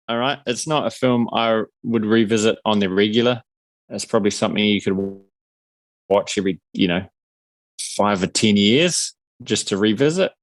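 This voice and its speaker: A man's voice: lowish voice, dry recording. A man in his forties co-hosting a casual film review podcast, with dry, sarcastic, self-mocking humor. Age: 40s. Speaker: podcast co-host.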